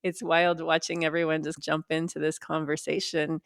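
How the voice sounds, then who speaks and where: Frank, low-voiced woman in her forties. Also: flat delivery, moderate pace, no echo, studio quality. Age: 40s. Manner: open, frank and matter-of-fact. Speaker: guest, perimenopause advocate. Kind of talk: podcast interview.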